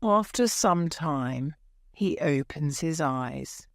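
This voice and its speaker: A woman narrating a graded-reader story in the first person with a clear, expressive reading. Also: low voice, slow pace, dry recording, clean studio sound. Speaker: audiobook narrator.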